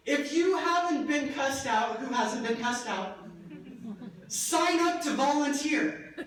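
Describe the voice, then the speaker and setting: A young woman with a high voice gives a passionate, animated keynote, drifting into laughing asides as she tells her story. She sounds well back from the microphone, and the large event hall wraps her in heavy echo. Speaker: keynote speaker. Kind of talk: emotional testimonial speech. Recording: echoey hall, voice from far off.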